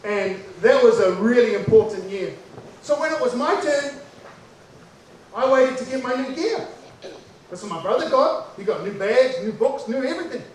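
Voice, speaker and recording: Comedian, male, New Zealand accent, high voice, lively storyteller, echoey hall, heard from some distance. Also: normal speed. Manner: animated, acts out voices of people in his story. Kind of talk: stand-up storytelling. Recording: echoey distant stage recording with faint noise.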